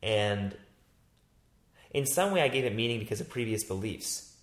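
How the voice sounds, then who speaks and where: A fairly low-voiced man chatting casually, rambling and animated as he works through ideas and relives his own reactions. His voice rings with noticeable room echo. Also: normal speed. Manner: animated, rambling storyteller who acts out his own past thoughts. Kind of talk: casual chat. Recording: roomy echo.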